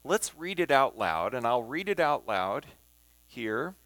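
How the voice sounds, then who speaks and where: Slow, deliberate male Bible teacher. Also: mid-range voice, big pitch swings, fairly bright tone, no echo. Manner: slow and deliberate, emphasizing words when reading scripture.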